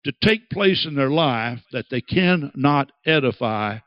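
A man preaching a sermon, dramatic and acting out quoted voices with big swings in pitch. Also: animated, measured pace, no room sound, lo-fi sound. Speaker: pastor.

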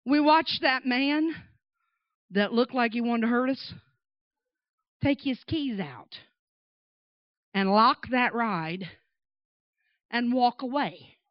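Woman preaching a story, kinda high voice, dull dry recording. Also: slow, pauses often, dry recording. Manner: animated, emphatic storyteller. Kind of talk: storytelling sermon.

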